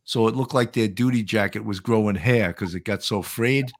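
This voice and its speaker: A man in his sixties, a former police officer hosting a podcast, chatty and animated, laughing often. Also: fairly low pitch, moderate pace. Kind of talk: casual podcast chat.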